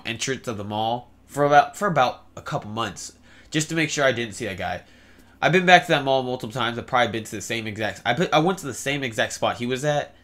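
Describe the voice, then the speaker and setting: A man's voice: fairly low pitch, sharp tone. A young man telling a story in a rambling vlog, with many fillers and stammered restarts. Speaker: vlogger.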